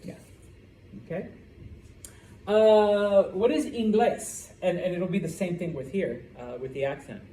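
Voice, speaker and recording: Male language teacher, mellow tone, roomy classroom sound with faint noise. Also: sits high, measured pace, pauses often. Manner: checks in with "okay?" after each point. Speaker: Spanish teacher. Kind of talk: classroom lecture.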